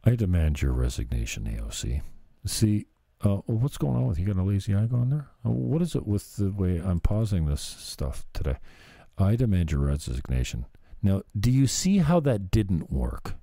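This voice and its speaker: A man with a deep, dark voice delivers sarcastic commentary over clips, jeering at what he plays. His pitch swoops up and down with lively emphasis, and the sound is close and dry. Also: moderate pace, creaky, no room sound. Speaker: commentary host.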